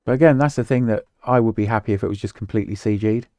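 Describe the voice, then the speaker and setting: A man's voice: on the low side, very fast, darkish tone, dry recording, studio quality. A man co-hosting a casual podcast chat, rambling, swearing casually and trailing off mid-sentence. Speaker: podcast co-host.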